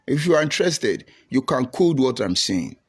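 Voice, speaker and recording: A man's voice: medium pitch, big pitch swings, normal speed, slightly rough. A man with a Nigerian accent giving preachy, taunting livestream commentary while reading out viewer comments.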